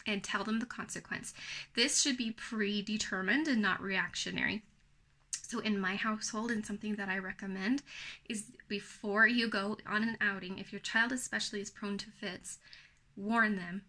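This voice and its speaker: A young adult woman talking straight to camera as a parenting coach, giving firm, even, encouraging step-by-step advice. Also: medium pitch, moderate pace. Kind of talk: talking-head teaching video.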